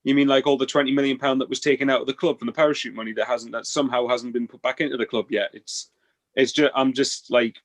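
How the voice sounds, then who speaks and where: Fast-talking exasperated man. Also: mid-range voice, fairly even intonation. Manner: exasperated, quick rambling. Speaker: panel guest. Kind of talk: casual live panel chat.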